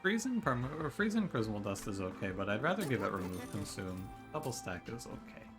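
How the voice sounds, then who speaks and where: Game music plays behind a man streaming a video game, his fairly low voice sing-song and brisk. As a gaming streamer he chats casually, talking himself through decisions and letting out jokey, exasperated outbursts.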